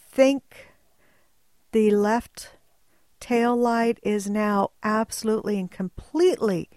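Slow, wry woman telling a story. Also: mid-range voice, dry recording. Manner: wry, animated, slow and deliberate. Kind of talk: personal storytelling.

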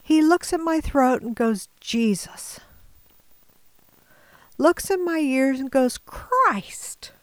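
A woman telling a personal story in a measured, deliberate way, now and then dropping to a whisper. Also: high voice, a little mellow, no room sound, low-quality recording.

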